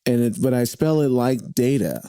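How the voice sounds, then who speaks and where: A man's voice: fairly low pitch, unhurried, warm tone, no room sound, studio quality. A man in casual interview chat, talking in a rambling way with many fillers and restarts, recorded at the host's home. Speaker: podcast guest, drummer and radio host.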